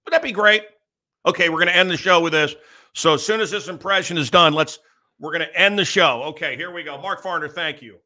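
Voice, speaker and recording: A man's voice: fairly high pitch, fast talker, sharp tone. A middle-aged American man hosting a show, rambling through a comic monologue and teasing his producer. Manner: joking, teasing the producer, building up a bit. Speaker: radio host.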